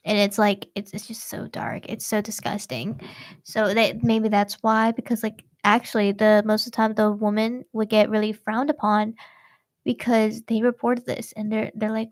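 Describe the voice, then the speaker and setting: A woman's voice: medium pitch, moderate pace. A young woman hosting a true-crime podcast, retelling a case in casual, slangy chat. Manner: slangy, animated storytelling.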